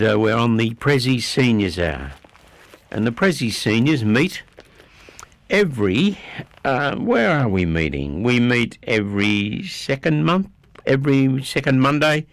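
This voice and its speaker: An Australian man presenting announcements on community radio in a chatty way, repeating details and pausing with fillers. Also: medium pitch, no echo. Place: radio studio.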